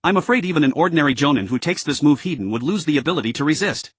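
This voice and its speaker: A man's voice: fairly high pitch, expressive, racing, slightly rough, no room sound, clean studio sound. Brief: man doing worried elderly clan member, grave delivery.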